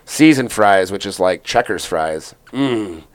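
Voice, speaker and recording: A young man hosts a casual sports podcast, riffing and joking with his co-hosts. His voice sits a little low, and he rambles with plenty of fillers and self-corrections. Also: expressive, a little slow. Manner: rambling, jokey, lots of fillers and restarts. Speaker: podcast host.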